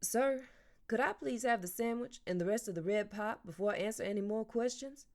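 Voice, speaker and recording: A woman's voice: a little high, brisk, darkish tone, natural voice. A woman voicing a young boy who answers politely and briefly. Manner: overly polite, clipped answers.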